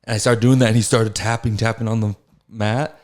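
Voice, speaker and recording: A man's voice: on the low side, flat delivery, fairly quick. A young adult man hosting a podcast, telling stories in casual chat, swearing freely and laughing as he talks. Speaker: podcast host.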